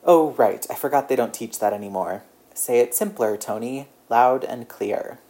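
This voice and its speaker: A man voicing a stern, wary grown man with a rasping voice. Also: medium pitch, moderate pace, mellow, natural voice.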